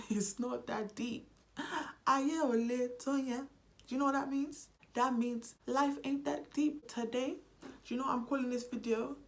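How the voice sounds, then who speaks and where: A young British woman chatting on her vlog in an animated, playful way, switching between a British and a Nigerian accent. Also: high voice, a little slow, vocal fry. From United Kingdom. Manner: animated and unserious. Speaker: vlogger. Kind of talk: casual vlog chat.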